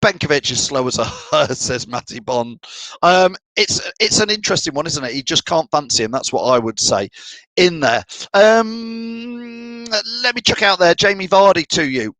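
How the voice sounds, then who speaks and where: A man's voice: on the high side, big pitch swings, moderate pace, bright, forceful tone, no room sound, rough recording. A middle-aged man from the of England hosting a fan live stream, chatting and reading out viewer comments. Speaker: fan channel host.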